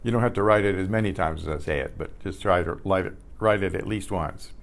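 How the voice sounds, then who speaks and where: An older man teaching a beginners' Spanish class, patiently repeating each word several times with clear emphasis. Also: sits low, quick pace. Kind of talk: slow beginner language lesson. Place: community center class for seniors.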